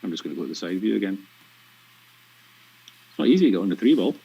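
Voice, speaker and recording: Dry-witted Scottish pool commentator, husky. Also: male voice, deep voice, sing-song, quick pace, warm tone. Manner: dry, teasing, explanatory. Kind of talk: live sports commentary with banter. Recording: lo-fi stream audio.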